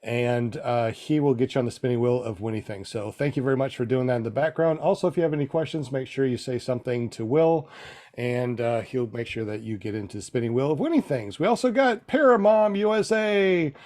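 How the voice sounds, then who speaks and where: A man's voice: mid-range voice, a little fast, dark tone. A man hosting a casual podcast over a video call, upbeat and thanking sponsors and panel members. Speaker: podcast host.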